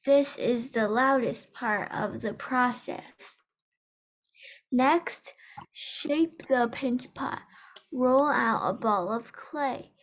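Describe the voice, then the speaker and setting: Slow, careful woman reading aloud. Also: on the high side. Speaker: student.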